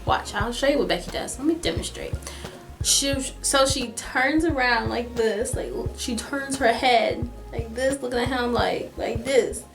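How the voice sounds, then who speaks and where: Over music, a young woman with a slightly high voice and vocal fry talks a little slowly. Her storytime for viewers is casual, dramatic and chatty, full of "like."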